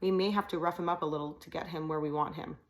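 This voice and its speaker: A cocky teenage boy leads the group and talks with swagger, as a woman reads him aloud. His voice sits a little low. It sounds like an audiobook reading. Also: steady tone, fast, close to an everyday voice.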